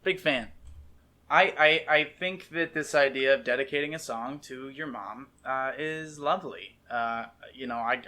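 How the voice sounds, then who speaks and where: Midwestern American man, bright clear voice, rambling, enthusiastic reaction commentary. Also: mid-range voice, measured pace. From Ohio, USA. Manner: rambling, enthusiastic, self-interrupting. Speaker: reaction video host, actor and filmmaker.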